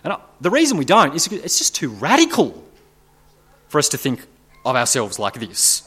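A man's voice: fairly high pitch, wildly swooping pitch, moderate pace, fairly bright tone, breathy edge. A man preaching a sermon to his congregation, earnest and building to emphatic, rising passages.

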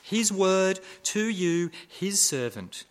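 A man preaching a sermon, asking repeated rhetorical questions and swinging between loud emphasis and hushed asides. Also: sits high, very animated, slow pace.

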